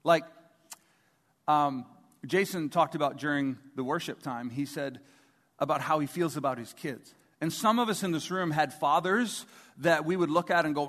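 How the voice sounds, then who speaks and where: A man, a pastor, delivering a sermon to his congregation in a relaxed, conversational way, often asking the room rhetorical questions. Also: a little high, moderate pace. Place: large church hall before a congregation. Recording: long reverb of a large hall.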